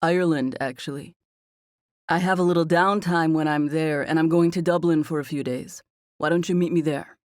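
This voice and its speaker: A woman voicing a playful, confident young man who jokes around in a relaxed, teasing way, in a slightly lower version of her own voice. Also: normal speed, no room sound, studio quality, lightly acted. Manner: teasing, relaxed, self-assured.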